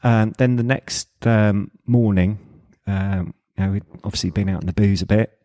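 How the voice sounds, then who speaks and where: A man telling a story on a podcast in a loose, rambling way, with swearing and laughter slipped in. His voice sits slightly low. It is relaxed, easy conversation between friends. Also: normal speed. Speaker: podcast co-host. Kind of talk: casual anecdote telling.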